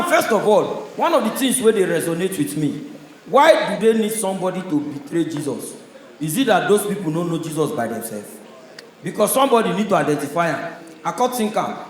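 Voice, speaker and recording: Loud Nigerian stand-up comedian, echoey venue. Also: male voice, high voice. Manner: loud, punchy storytelling in pidgin. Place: comedy stage.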